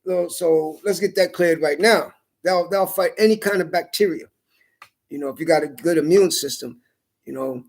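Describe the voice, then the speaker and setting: A man's voice: fairly high pitch, moderate pace, gravelly. A man rambling in a casual monologue, cursing often and repeating words as he goes. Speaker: vlogger.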